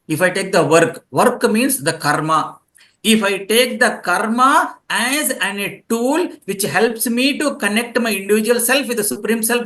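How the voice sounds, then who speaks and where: A man teaching a class, explaining slowly and repeating key phrases for students taking notes. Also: sits high, a bit bright. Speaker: yoga teacher. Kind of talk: classroom lecture.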